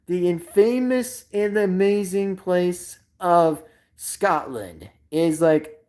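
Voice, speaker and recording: Woman streamer, lowish voice, rambling casual chat full of fillers. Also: dark tone. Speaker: live streamer.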